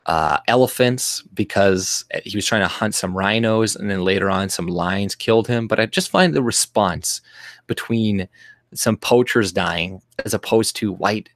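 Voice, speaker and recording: A man with a fairly low voice rants casually on his home livestream, rambling, swearing and often breaking off to restart his sentences. The sound is close and dry, with little room around it. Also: measured pace, no echo. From Canada. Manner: rambling, profane, with frequent restarts and mocking mimicry. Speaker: livestream host. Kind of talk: casual political livestream rant.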